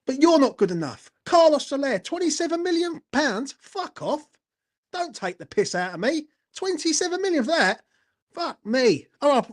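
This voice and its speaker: A man, hosting a fan channel and ranting angrily after a match, swearing hard and repeatedly checking that the listener follows him, talking from indoors at a relative's house. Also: very high-pitched. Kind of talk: angry post-match rant.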